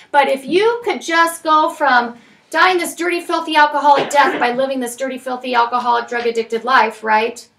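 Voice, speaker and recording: A woman's voice: high-pitched, brisk, gravelly, pushed and bright, distant mic, a little hiss or hum. A woman leading a parenting class for people in recovery, talking frankly and emphatically with many tag questions. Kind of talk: recovery group lesson. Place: meeting room with group.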